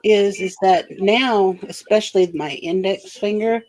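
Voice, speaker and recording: Woman, livestream guest, casual chat, relaxed, rambling, teasing. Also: medium pitch, measured pace.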